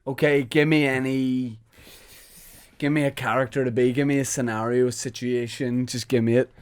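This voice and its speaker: A man's voice: medium pitch, steady tone, smooth. Playful man. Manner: playful, quick comebacks. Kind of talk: casual improv chat.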